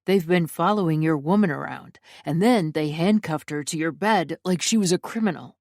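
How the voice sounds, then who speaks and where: A woman's voice: sits low, normal speed, a little mellow, no echo, clean studio sound. Woman voicing a breezy, reckless mafia brother. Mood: nonchalant. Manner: breezy, mock-innocent. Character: carefree reckless mafia brother, grinning, teasing.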